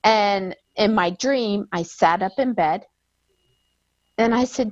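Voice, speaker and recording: Lady guest telling her story slow and halting, dry dull lo-fi sound. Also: medium pitch, no room sound. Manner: emotional, halting, repeats words. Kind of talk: personal storytelling.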